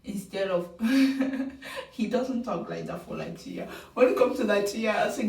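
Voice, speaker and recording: A woman giving opinionated, animated commentary on a reality show, sometimes mocking the people she talks about. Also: fairly high pitch, a little slow. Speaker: reality TV recap vlogger. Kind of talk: casual commentary. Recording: roomy sound, mic at a distance.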